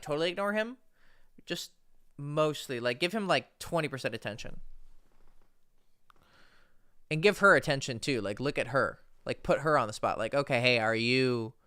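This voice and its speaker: A man's voice: on the high side, sharp tone, smooth, no room sound, clean studio sound. A man hosting a casual livestream Q&A from home as a dating coach, talking loosely and profanely and explaining with examples and stories.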